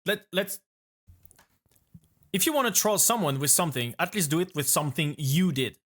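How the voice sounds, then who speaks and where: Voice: medium pitch, animated, moderate pace. A speaker from France with a French accent, casually reacting to a video as a vtuber, rambling and restarting phrases while thinking aloud.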